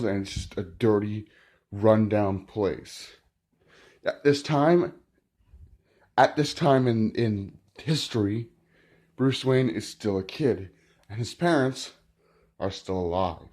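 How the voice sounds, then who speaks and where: A man's voice: fairly low pitch, a little mellow. A man giving a casual spoken film review, rambling and often restarting with "like".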